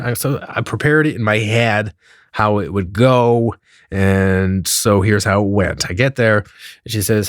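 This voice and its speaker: A man telling a comedic story in a profane, animated way, acting out the dialogue as he goes. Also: fairly low pitch, unhurried, dry recording, studio quality.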